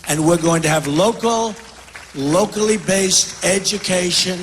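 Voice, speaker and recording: A man's voice: high-pitched, normal speed, over a noisy crowd, heavy background noise. An older man running for president, answering audience questions in a rambling, repetitive, boastful way at an indoor town hall. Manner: repetitive, boastful, keeps repeating phrases. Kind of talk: off-the-cuff rally speech.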